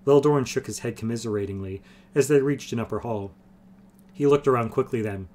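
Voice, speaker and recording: A man reading a fantasy novel aloud on a livestream, in steady narration. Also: on the low side, fairly quick, slight background noise. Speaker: reader.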